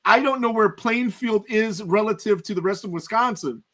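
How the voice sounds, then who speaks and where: A male podcast host with a notably high voice. He talks through his points calmly in relaxed conversation. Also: moderate pace. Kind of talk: casual interview chat.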